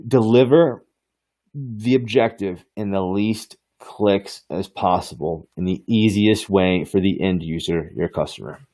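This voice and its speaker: A man hosting a podcast and walking through a software demo on screen, with hyped, slangy salesman patter and frequent laughs. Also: low-pitched, unhurried. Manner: laughs often. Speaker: podcast host.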